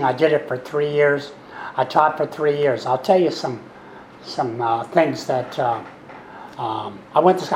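A man's voice: medium pitch, a little mellow, roomy sound, slight background noise, rough recording. A man in his seventies speaks at a recovery meeting. His talk is folksy and wry, and he often repeats himself. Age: 70s. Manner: folksy, repetitive, wry and sarcastic. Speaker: speaker sharing recovery story. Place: meeting room.

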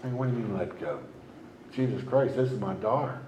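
A man sharing his personal recovery story at a meeting, rambling and halting, with many restarts and fillers. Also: medium pitch, a little mellow, echoey room, a little hiss or hum, low-quality recording. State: emotional at times. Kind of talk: personal testimony.

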